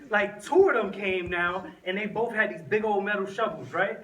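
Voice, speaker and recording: Animated young man. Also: high voice, normal speed, distant mic. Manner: animated, slangy storytelling. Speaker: youth speaker. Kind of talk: storytelling talk to teens. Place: room with a youth group. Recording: echoey room, from the mic, faint noise.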